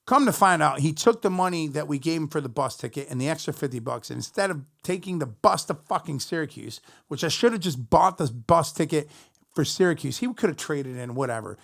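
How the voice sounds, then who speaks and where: A middle-aged man, a musician, casually telling a long profane story to his stream chat, animated and rambling. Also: a little high, fairly quick, vocal fry.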